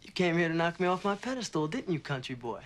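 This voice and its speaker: A cocky young debate champion, smooth and teasing in a film. He speaks easily and needles the newcomer with a grin. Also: fairly high pitch, big pitch swings, fast talker, a bit bright. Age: young adult. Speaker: star college debater.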